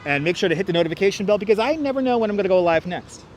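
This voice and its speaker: His high-pitched, expressive voice races along over slight background noise. The man is hosting a live walking stream on a city street, chatting casually through a wireless clip-on mic in a rambling manner and repeating himself often.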